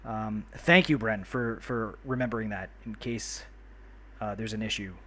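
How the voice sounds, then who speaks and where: A man's voice: on the low side, steady tone, measured pace, bright, forceful tone. A man from New York hosting a casual game livestream, chatty and friendly, greeting and thanking viewers by name as he plays. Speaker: livestream host. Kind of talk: casual livestream chat while playing a city builder.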